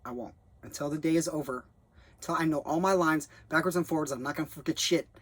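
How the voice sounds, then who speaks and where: A man's voice: on the high side, quick pace, fairly bright tone, husky, dry recording. A young man rambling in a loose, profane way as he reviews a film he worked on as a background actor. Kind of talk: rambling casual monologue.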